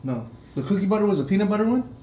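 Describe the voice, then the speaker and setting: A man co-hosting a casual food show, quick and teasing. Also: high voice, expressive, mellow, roomy sound, dull audio. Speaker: co-host. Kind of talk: casual food review chat.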